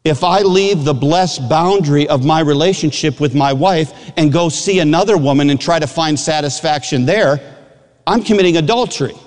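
A man in his fifties from Michigan, a pastor preaching a sermon with lively acted-out illustrations and sudden shouts. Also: fairly high pitch, moderate pace, in a large hall.

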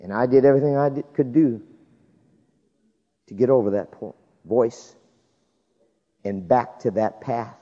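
A man's voice: medium pitch, a little slow, long pauses. A man preaching a storytelling sermon, acting out the people in his tale. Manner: animated, acts out the people in his stories. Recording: dull recording with long hall reverb.

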